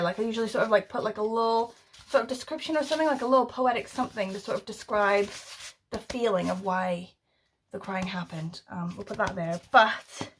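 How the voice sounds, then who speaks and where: A woman's voice: mid-range voice, a little hiss or hum. A young adult woman chatting casually in a book vlog, rambling and full of fillers as she retells stories. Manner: rambling, filler-heavy, animated storytelling. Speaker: book vlogger.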